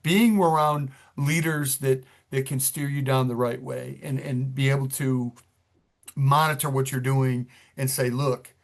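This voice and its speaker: Middle-aged guy from new york, police chief talking in an interview, earnest, stumbles and repeats words. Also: on the high side. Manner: earnest, repeats words while gathering thoughts. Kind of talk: interview conversation.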